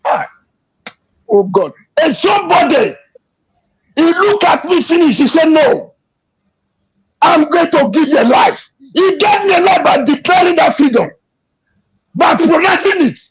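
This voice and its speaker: A man giving an emotional, impassioned political rant, repeating himself and shouting in anger. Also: very high voice, expressive, moderate pace. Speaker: activist speaking to an interviewer. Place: abroad. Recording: dull lo-fi recording.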